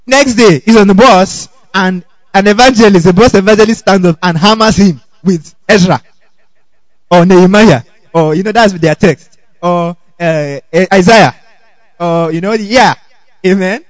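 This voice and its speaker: A male preacher delivers a sermon with a notably high voice. He talks in an animated way, constantly checking in with the congregation and laughing lightly between points. The sound is dry and close. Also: a little slow, no room sound, poor audio. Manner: animated, keeps asking the congregation "okay?".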